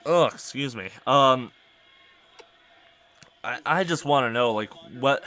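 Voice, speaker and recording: A young man hosting a podcast, ranting casually and with exasperation, his voice climbing to near-shouts. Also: mid-range voice, moderate pace, clean tone. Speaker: podcast host.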